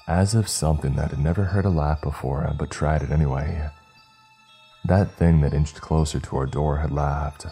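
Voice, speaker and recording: A man narrating a first-person horror story in a tense, hushed way. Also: extremely low pitch.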